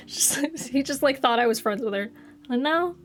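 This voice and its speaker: Giggly high-voiced woman streamer. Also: unhurried. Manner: giggly, easily excited, reads chat aloud. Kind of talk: casual chat stream. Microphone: desk microphone.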